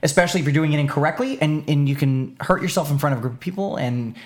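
A young man telling a story in a casual chat, animated, repeating words and getting fired up. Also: fairly high pitch, very fast. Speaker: streamer, podcast co-host.

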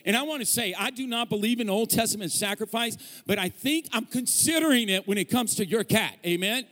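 Male pastor, fairly high voice, comic storyteller, church stage mic, big reverberant hall. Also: brisk, a bit bright. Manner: humorous, storytelling preacher with call-and-response. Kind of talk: sermon.

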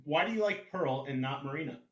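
A man hosting a podcast interview, briskly reading out the listener questions. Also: fairly high pitch, expressive, fairly bright tone. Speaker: podcast host. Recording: roomy echo.

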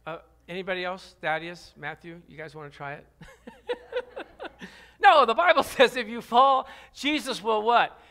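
A man preaching a sermon. He talks animatedly, drops his voice low for scripture, rises to loud cries, and calls out questions to the congregation. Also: animated, moderate pace, clean tone. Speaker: pastor.

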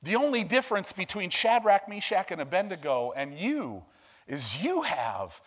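A male preacher giving an emphatic, animated sermon that swings from hushed to loud. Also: high-pitched, normal speed.

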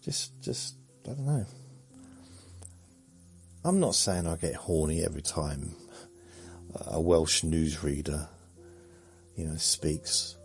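Deep gravelly rambling man. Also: slow, long pauses, soft background music. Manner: meandering, muttered asides, trails off. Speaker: sleep podcast host. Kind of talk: rambling bedtime monologue.

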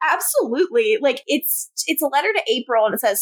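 Female podcast co-host, higher voice, breezy recap chat, quick to laugh. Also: expressive. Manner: laughs often, chatty, retells scenes. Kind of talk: casual TV episode recap.

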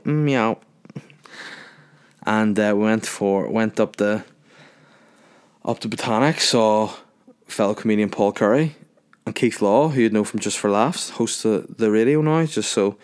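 A man in his thirties from Northern Ireland talks into his podcast mic in a loose, rambling monologue. His voice sits a little low, and he swears freely while joking around. He acts out both sides of each conversation as he tells his stories. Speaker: podcast host, comedian. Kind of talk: casual storytelling monologue.

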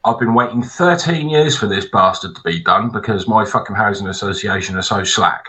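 Guy on a podcast, low-ish voice with a bright edge, swears a lot while telling stories. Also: brisk, low-quality recording. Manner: sweary, animated storyteller. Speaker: podcast co-host. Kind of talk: casual chat.

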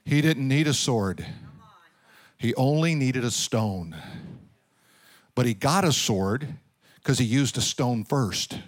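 A man preaching a sermon, telling a Bible story with lively asides and putting direct questions to his congregation. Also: medium pitch, slow, pauses often, dry recording. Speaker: pastor.

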